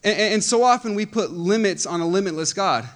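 A man preaching a sermon as pastor, impassioned and repeating phrases as he builds to loud emphatic peaks. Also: high-pitched, expressive, a little fast.

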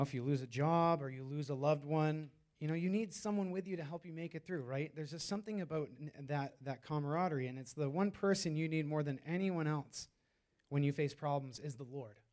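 A man's voice: fairly high pitch, a little mellow. A man preaching a sermon in a loose, conversational way, with many fillers and restarts. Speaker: pastor.

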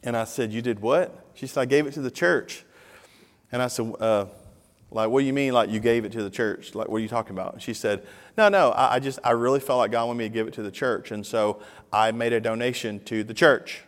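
A middle-aged man preaching a sermon as a lively storyteller, acting out the dialogue of the people in his story. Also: mid-range voice, brisk. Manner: animated storyteller, acts out dialogue. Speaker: pastor. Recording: long hall reverb.

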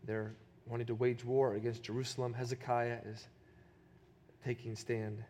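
A pastor giving a sermon, emphatic and full of rhetorical questions. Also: male voice, medium pitch, level tone, moderate pace, darkish tone, big-room sound, a little hiss or hum.

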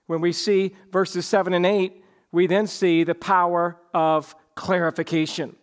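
A man's voice: high voice, steady tone, slow pace, clear, resonant tone. A man preaching a morning sermon as pastor, emphatic and shifting his pace for effect.

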